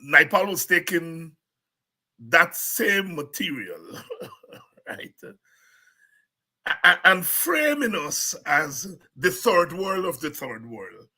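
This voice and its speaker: A middle-aged male host from Guyana talks through a reflective commentary, often restarting his sentences and letting out soft chuckles. His voice sits a little high and sounds husky, with a very bright, cutting edge. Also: very animated, slow pace, long pauses, poor audio.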